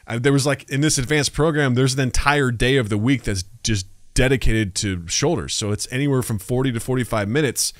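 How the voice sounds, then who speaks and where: A man's voice: mid-range voice, brisk, few pauses, no echo, clean studio sound. A man in his thirties co-hosting a podcast in casual chat, telling stories animatedly and acting out the people he quotes. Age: 30s. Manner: animated storyteller, acts out quotes. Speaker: podcast co-host.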